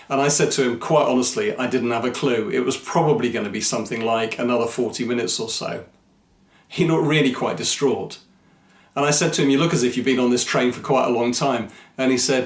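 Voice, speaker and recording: Earnest man in an echoey room. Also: mid-range voice. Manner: earnest, measured, reflective. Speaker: Christian mission speaker. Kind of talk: personal storytelling to camera.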